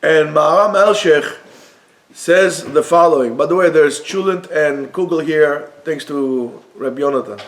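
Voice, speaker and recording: A man with a fairly high voice teaching a Torah class. He talks in a lively way, acts out the text's dialogue, and moves between Hebrew quotes and plain explanation. He is recorded indoors in a yeshiva study room. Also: unhurried.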